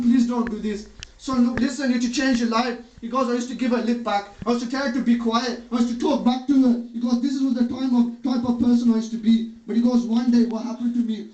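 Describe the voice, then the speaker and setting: A man's voice: very high voice, mellow. A man giving a religious talk, telling stories and retelling others' words as quotes. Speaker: preacher. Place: hall or home gathering. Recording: dull, roomy, distant sound.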